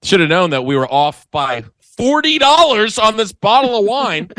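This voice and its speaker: A young man co-hosting a casual comedy podcast, telling a story and mimicking other people in a low mumble. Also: sing-song, normal speed, fairly bright tone, no room sound, clean studio sound. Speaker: podcast co-host.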